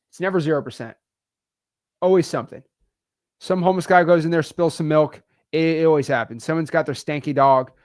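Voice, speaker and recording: Speaking to camera in a casual, joking lesson, this Florida man teaches a wholesaling course and keeps dropping in "okay" and "all right." His voice is a little high, and the studio sound is clean with no echo.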